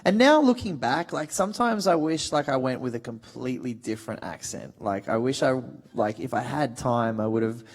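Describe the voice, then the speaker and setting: Australian actor, 30s, chatty panel storyteller, mid-pitched, loose and full of fillers. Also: male voice, moderate pace, hardly any pauses. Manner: animated storyteller, many fillers. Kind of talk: anecdotal panel talk.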